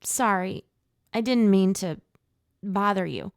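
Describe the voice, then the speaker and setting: A woman narrator voicing a sick young woman who speaks in a shaky, pleading, higher voice. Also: takes it slowly, clean tone, no echo, studio quality. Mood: apologetic.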